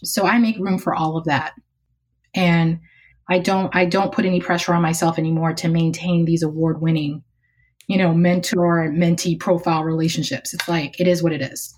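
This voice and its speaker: Woman interview guest, a little low-voiced, calm and measured. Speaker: guest executive. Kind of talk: conversational interview.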